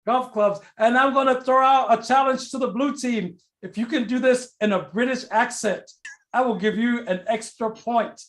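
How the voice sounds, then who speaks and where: A man's voice: very high voice, moderate pace, fairly bright tone. A man hosting an online improv comedy game over a video call, laughing often at the players' jokes. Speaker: improv show referee host.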